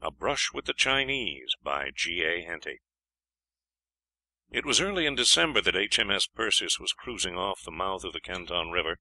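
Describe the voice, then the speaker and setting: A man reading a story aloud as an audiobook narrator, in a measured manner. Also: low-pitched, lively intonation, bright, forceful tone, dry recording, rough recording. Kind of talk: scripted narration.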